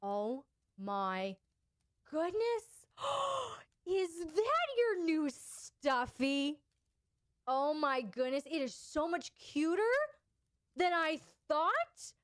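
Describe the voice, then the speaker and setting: A woman's voice: sits high, very animated, drawn-out words, dry recording, studio quality, voice pushed up, exaggerated voice. A woman voicing a doting adult caregiver who gushes and coaxes. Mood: gushing delight. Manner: gushing, soothing coaxing.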